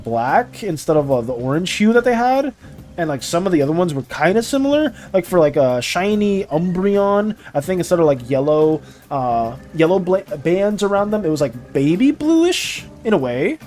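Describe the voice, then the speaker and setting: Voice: mid-range voice, a little mellow. A streamer chatting casually on a live stream, rambling and giggly while reacting to chat.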